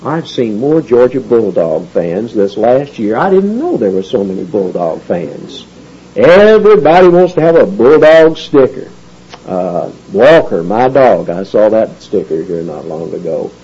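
A man leads a Bible study in a husky, slightly breathy voice, his pitch rising and falling a lot as he stresses each verse. He moves between emphatic reading and folksy asides. The recording is dull and lo-fi, like an old church tape. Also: sing-song, measured pace, warm tone. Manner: emphatic when quoting scripture, folksy asides. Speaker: pastor teaching a Bible study. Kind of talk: expository Bible teaching.

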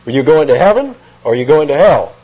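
A man delivers an expository sermon with a husky, slightly raised voice. His pitch swings widely as he reads scripture and stresses key words. The recording sounds dull and lo-fi. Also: quick pace. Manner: lively, emphatic, reads scripture aloud. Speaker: preacher.

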